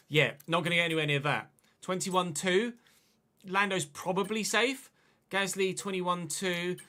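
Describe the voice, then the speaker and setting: A man's voice: high voice, steady tone, measured pace, sharp tone. An English man chatting and thinking aloud as he commentates on his own live gameplay stream. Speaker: game streamer.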